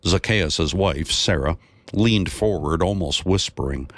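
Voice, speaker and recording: A man reading a Bible story aloud in measured, steady scripted narration. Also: extremely low pitch, no room sound. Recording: dry, close voice.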